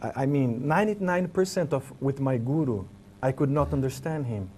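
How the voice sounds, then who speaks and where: A man with an Italian accent, speaking English as a second language, telling memories in a relaxed conversation and often restarting as he searches for words. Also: medium pitch, moderate pace, a little hiss or hum. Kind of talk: casual reminiscing conversation.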